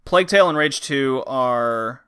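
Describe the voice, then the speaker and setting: A man's voice: mid-range voice, a little slow, sharp tone, smooth. A man hosting a casual game podcast, rambling with many fillers as he reviews recent releases. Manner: rambling, frequent uh and um, acts out game lines. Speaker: podcast host.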